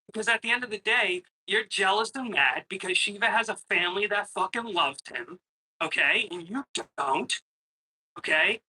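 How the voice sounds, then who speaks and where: Bright-voiced man, rambling caller. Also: high-pitched, normal speed, a little hiss or hum, poor audio. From Boston, Massachusetts. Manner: rambling, hesitant, profane ranting. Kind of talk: casual call-in chat. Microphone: computer microphone.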